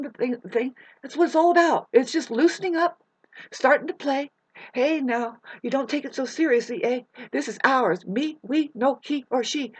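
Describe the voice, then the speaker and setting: A self-styled influencer rambles through a casual vlog monologue in a husky, fairly high voice, drifting between topics, chanting wordless syllables and occasionally swearing. Recorded dry on a webcam.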